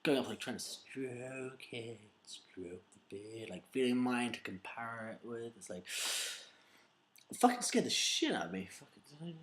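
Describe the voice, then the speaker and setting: A man's voice: medium pitch, very animated, measured pace, fairly bright tone, slight background noise. A man telling a rambling, swearing comedic story in a casual vlog. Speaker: vlogger.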